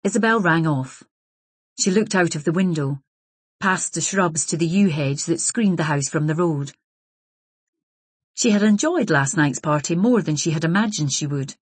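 A woman reads a novel aloud in a measured, even manner. Her voice sits low with a husky, breathy grain, and the recording is dry and close. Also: no echo. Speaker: audiobook narrator. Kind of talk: scripted narration.

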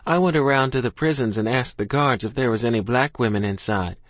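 A man's voice: medium pitch, fairly quick, dry recording. A man narrating a first-person story in a folksy rural dialect. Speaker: audiobook narrator.

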